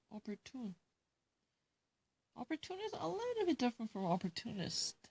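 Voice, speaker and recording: Gravelly Korean-accented woman reading vocabulary. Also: a little high, pushed and bright. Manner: reads words and definitions aloud, then explains them in Korean. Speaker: vocabulary study vlogger. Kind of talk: casual solo vocabulary study, mixing English and Korean.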